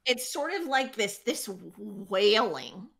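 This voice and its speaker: A woman runs a tabletop role-playing game as its game master. Her voice is bright and forceful, and she speaks slowly. She often pauses on fillers as she sets each scene. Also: medium pitch, very animated, creaky. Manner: unhurried, hesitant with many fillers.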